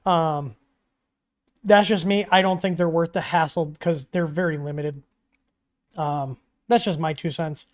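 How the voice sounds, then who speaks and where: A man hosting a casual livestream Q&A, talking in a relaxed, chatty way with frequent ums and asides, from a home studio. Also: a little high, unhurried, pauses often. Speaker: livestream host answering 3D printer questions. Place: home studio with dogs nearby.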